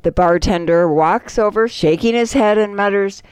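A woman co-hosting a farm radio show, reading ads and telling jokes in a lively way. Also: medium pitch, normal speed, clear, resonant tone, no echo. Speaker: radio co-host.

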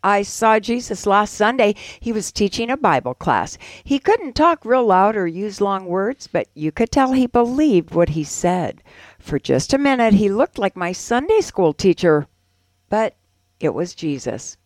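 Lively woman co-host, dry studio. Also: medium pitch, unhurried, dry recording. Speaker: radio co-host. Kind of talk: reading ads and an inspirational piece.

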